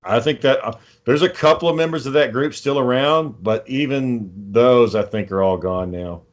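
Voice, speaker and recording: A man hosts a laid-back podcast and drifts through long, rambling anecdotes full of swearing. His voice sits at an ordinary middle pitch for a man, and he talks at an easy conversational pace. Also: normal speed, lo-fi sound. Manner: rambling, profane storytelling. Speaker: podcast host. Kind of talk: casual chat.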